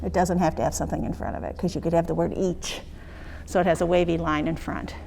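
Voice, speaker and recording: A woman's voice: on the low side, little pitch movement, fast, gravelly, warm tone, a little hiss or hum. A woman explaining to teachers how she would mark phonics skills in a lesson, in a conversational way that checks in with the listeners. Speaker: teacher trainer. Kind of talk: explaining classroom phonics practice.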